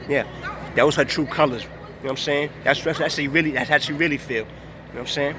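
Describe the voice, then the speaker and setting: A man's voice: a little high, a little fast, background noise. A man ranting casually to the camera, emphatic and repetitive, looping back to the same points. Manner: emphatic, repetitive, keeps saying "you know what I'm saying". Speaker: vlogger.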